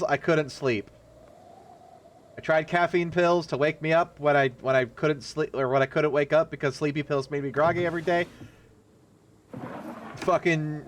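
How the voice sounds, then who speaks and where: A man streaming a horror game, talking casually and profanely while he plays. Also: slight background noise. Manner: loose, profane running jokes with sudden pitch jumps. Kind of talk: casual gameplay commentary.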